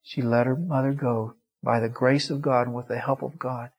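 A man preaching a sermon as a pastor, telling a story and swinging from loud climaxes to hushed, quiet lines. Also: medium pitch, fairly even intonation, normal speed, slightly rough, lo-fi sound.

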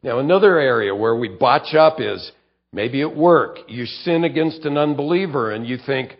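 A male pastor preaching a conversational sermon, acting out quoted lines and stumbling over quick restarts. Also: on the high side, lively intonation, dull audio.

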